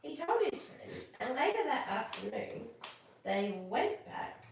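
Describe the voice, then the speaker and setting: A woman reading a children's story aloud on a live stream, expressive, chatting with viewers between pages. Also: high voice, takes it slowly, creaky, far from the mic, slight background noise. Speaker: storyteller host. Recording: echoey room, voice off-mic.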